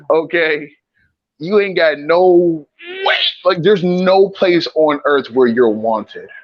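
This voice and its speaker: A man co-hosting a casual podcast, telling an animated, profane story and roasting a stranger between laughs. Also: a little high, slow pace, no echo. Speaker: podcast co-host. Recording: dull lo-fi sound.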